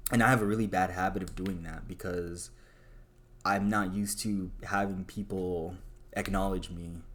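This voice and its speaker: A man's voice: sits low, fairly bright tone, a little hiss or hum. A young man vlogging in a rambling, self-deprecating confessional monologue, swearing casually.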